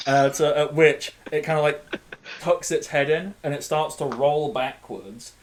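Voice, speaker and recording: A man's voice: on the high side, measured pace, slight background noise. Playful man running a tabletop game. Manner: animated, playful, makes sound effects. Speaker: game master.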